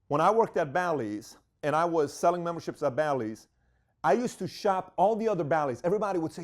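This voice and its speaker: A man giving an emphatic business talk, telling stories and acting out what people said. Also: a little high. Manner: emphatic, storytelling, acts out quotes. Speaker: business speaker.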